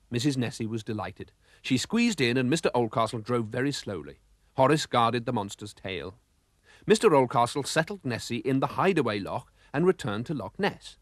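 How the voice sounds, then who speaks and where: A man narrating a children's storybook with a lively, expressive reading. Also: mid-range voice, normal speed, dry recording, clean studio sound.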